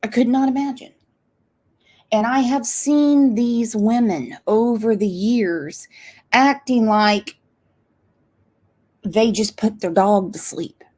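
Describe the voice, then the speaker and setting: A woman's voice: on the high side, slow pace, pauses often, warm tone. A woman hosting a true crime livestream, angry and blunt, swearing freely as she comments. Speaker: true crime channel host.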